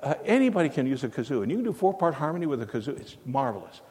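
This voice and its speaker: A man's voice: on the high side, big pitch swings, very fast, darkish tone. An older man telling a rambling story in a sermon, full of fillers and restarts, recorded in a church. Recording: long hall reverb.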